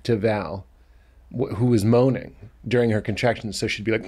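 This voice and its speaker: A man's voice: lowish voice, fairly quick. Man riffing on a comedy podcast. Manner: animated, riffing, playful bits. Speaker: guest comedian. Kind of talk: casual comedy podcast chat.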